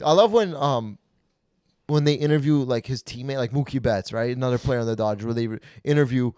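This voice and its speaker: A man's voice: mid-range voice, fairly quick, darkish tone, clean tone, no room sound, clean studio sound. A young man hosting a comedy podcast, riffing profanely and acting out mock quotes in casual banter.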